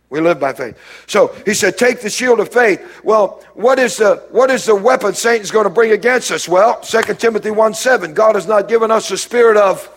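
A man preaching a sermon as pastor, swinging between loud rises and quiet low drops and calling out to the congregation. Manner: preaching with sudden rises and drops, calls to the crowd.

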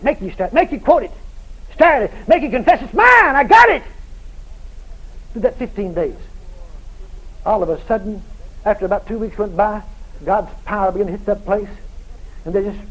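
A man preaching a revival sermon, shouting and hammering phrases over and over, then dropping quiet. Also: high-pitched, muffled recording. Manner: shouting, emphatic repetition, swings loud and quiet.

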